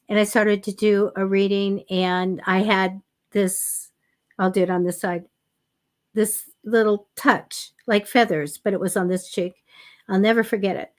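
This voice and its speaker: A woman hosting a casual psychic reading stream, chatting her way through personal stories. She talks in a loose, rambling style full of ums and restarts. She mixes in direct, encouraging advice. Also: medium pitch. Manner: chatty and anecdotal, with many fillers. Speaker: psychic reader and host. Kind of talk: casual livestream chat.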